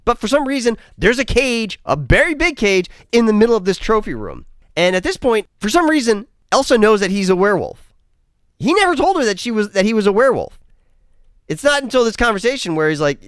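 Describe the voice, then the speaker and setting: Lively, sarcastic male film reviewer. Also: sits high, fairly quick, dry recording, studio quality. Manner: rambling, sarcastic, swears freely. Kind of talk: casual film review monologue.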